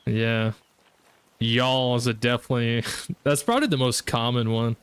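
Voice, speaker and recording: A man's voice: medium pitch, steady tone, normal speed, clean tone, no room sound. A young man with a Southern US accent, chatting casually and rambling to his viewers while he plays on a gaming livestream. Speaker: gaming streamer.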